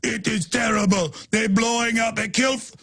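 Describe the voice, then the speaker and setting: A man's voice: high-pitched, steady tone, normal speed, gravelly, a bit bright, husky, faint music behind, voice pushed up, heavily acted. Man mocking a begging, overacted foreign spokesman. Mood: pleading. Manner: melodramatic, broken-English begging. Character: pleading overacted male resistance spokesman.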